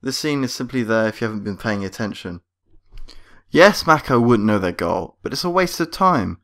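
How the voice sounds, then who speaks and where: A man delivers a scripted critique of a cartoon episode in a sarcastic, exasperated tone. His voice sits at an ordinary middle pitch. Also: animated, normal speed, fairly bright tone. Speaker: video reviewer.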